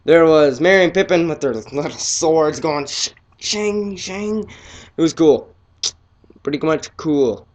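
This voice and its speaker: A teenage boy casually reviewing a film, excitable and rambling, his voice often trailing off quietly. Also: fairly high pitch, moderate pace.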